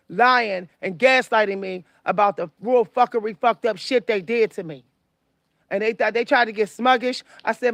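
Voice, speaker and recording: A woman hosting her own channel, venting angrily to her viewers in a profane, emphatic rant. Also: on the high side. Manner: profane, heated, emphatic storytelling. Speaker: channel host. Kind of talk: angry venting monologue to viewers.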